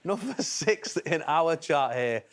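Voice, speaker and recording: A man's voice: a little high, lively intonation, slow pace. A man hosting a TV quiz show in a studio, chatty and teasing with the contestants. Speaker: game show host. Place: TV studio with audience.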